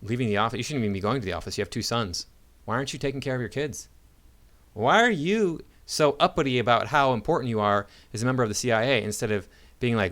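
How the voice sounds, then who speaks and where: This American online commentator talks fast, with a medium-pitched and fairly bright voice. He reacts to a video sarcastically and argumentatively, often breaking off and restarting his sentences.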